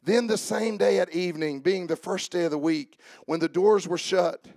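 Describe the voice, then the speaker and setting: A man preaching a sermon as pastor, building up to shouting and dropping into mock-calm voices for jokes. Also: high voice, normal speed, no room sound.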